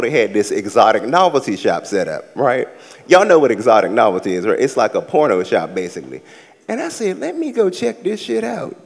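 A man from the American South doing a live stand-up set, with sassy, campy storytelling and loud acted-out asides. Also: medium pitch, big-room sound. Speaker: stand-up comedian. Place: large theater stage with a live audience.

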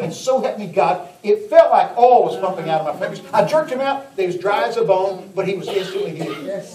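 A man preaching a sermon, telling folksy, lively anecdotes. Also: high-pitched. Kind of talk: storytelling sermon. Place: large church hall. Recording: echoey church from far off. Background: congregation.

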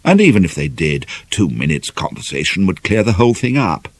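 A man reading the part of a smooth, self-assured country doctor who talks in soothing, dismissive reassurances. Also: sits low, big pitch swings, brisk, dry recording, full character voice.

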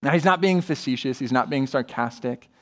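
A man's voice: medium pitch, a little fast. A man preaching a sermon as a pastor, earnest and acting out quoted voices. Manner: earnest, builds to animated, acts out quoted voices.

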